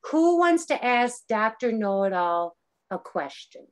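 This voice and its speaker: A woman's voice: fairly high pitch, lively intonation, unhurried. A woman leading an online improv class over a video call, explaining game rules patiently and encouragingly. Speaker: improv workshop leader.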